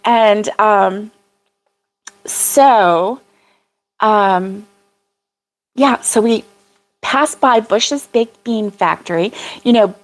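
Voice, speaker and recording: A woman's voice: mid-range voice, very slow, long pauses. An older woman hosting a casual crochet livestream, rambling about her week with frequent laughs and reading viewer comments aloud. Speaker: crochet vlog host.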